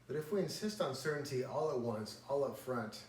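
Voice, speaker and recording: A man speaking in a casual interview, reflective and given to storytelling. His voice sits at an ordinary pitch for a man. He is recorded from a distance in a roomy space with a faint hiss behind him. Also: expressive, a little fast, a little mellow. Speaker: married guest. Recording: roomy echo, distant mic, faint noise.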